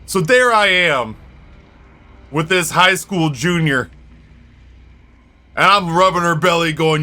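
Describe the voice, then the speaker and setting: A man's voice: a little high, expressive, slow, pauses often, bright, forceful tone. A man streaming a game and chatting casually, rambling and cracking crude jokes with his viewers. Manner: rambling, joking, crude banter with chat. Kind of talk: casual live-stream chat while gaming.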